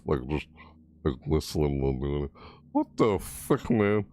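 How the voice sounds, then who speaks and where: A man with a deep voice chats loosely over a video game, amused and filling every gap with little asides. His pitch swings widely as he reacts, climbing high in surprise before settling back down low. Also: expressive, a little slow, mellow. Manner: rambling, amused, constant fillers and laughing. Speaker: gaming YouTuber. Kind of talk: casual gameplay commentary.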